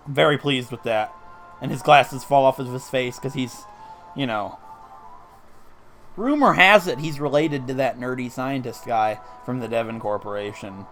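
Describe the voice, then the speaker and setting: A man's voice: medium pitch, fairly bright tone. A man giving casual, upbeat commentary while playing a video game, explaining his moves as he goes. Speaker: let's play commentator.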